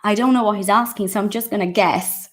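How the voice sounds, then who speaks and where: A woman's voice: medium pitch, fairly even intonation, quick pace. A woman teaching an English lesson to her viewers in a casual, emphatic way, repeating key points and addressing them directly.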